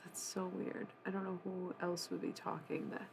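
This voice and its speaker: Woman streamer, deep voice, gravelly fry, rambling, profane, casual live-stream chat. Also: completely flat delivery, moderate pace, slight background noise, low-quality recording. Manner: rambling, profane, musing aloud.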